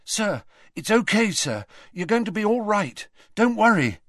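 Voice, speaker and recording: A man voicing an anxious teenage boy wizard who talks in an urgent, rushed way. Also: high voice, lively intonation, dry recording, studio quality, pitched above the performer's own voice.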